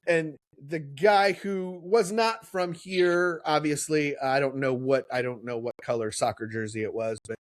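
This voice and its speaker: A man's voice: on the high side, a little slow, hardly any pauses, no echo. A middle-aged man, a podcast co-host, telling a story in casual chat and acting out the voices he quotes.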